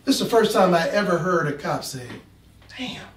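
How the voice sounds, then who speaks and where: Man, comic storyteller, halting and animated, roomy live venue, distant mic. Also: high-pitched, slight background noise. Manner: halting, animated, slips into character voices. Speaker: pastor and storyteller. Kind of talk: comedic storytelling at a live poetry event.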